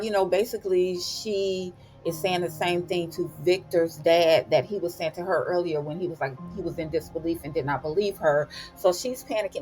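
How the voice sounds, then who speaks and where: A woman's voice: lowish voice, moderate pace, a little mellow, faint music behind. A woman host casually recapping TV episodes, chatty and folksy, calling listeners "honey" and "child".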